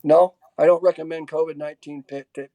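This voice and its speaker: A man speaking on a video call during a webinar, answering audience questions with halting restarts and fillers. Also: a little high, fairly even intonation, dry recording, muffled recording. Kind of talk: casual Q&A in a webinar.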